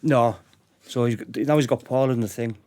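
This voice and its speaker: Middle-aged Middlesbrough man, podcast guest, lively storyteller with a mid-range voice. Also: medium pitch, normal speed. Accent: Middlesbrough English. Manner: lively anecdotal retelling, laughing often.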